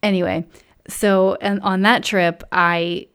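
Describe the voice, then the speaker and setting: A woman hosting a podcast, telling a travel story in a casual, animated way, laughing often and acting out the people she quotes. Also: on the low side, moderate pace, clean tone. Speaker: podcast host.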